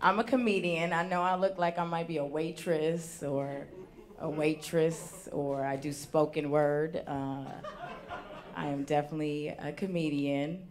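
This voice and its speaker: A young woman doing a stand-up comedy set on a theater stage, talking with lively, animated swings in loudness. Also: low-pitched, measured pace. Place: theater stage before a live audience.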